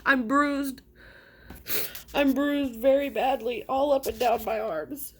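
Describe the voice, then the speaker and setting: A woman's voice: sits high, fairly even intonation, slow, slightly rough. A woman telling her own story in an indignant, frustrated, emphatic way, as a mother. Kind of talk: personal account to camera.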